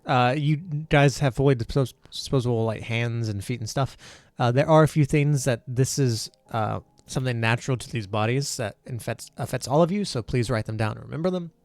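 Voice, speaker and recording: A man's voice: medium pitch, a little fast, few pauses, darkish tone, no echo. A man acting as game master, explaining game rules in a loose, casual way with many fillers. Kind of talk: casual tabletop game narration.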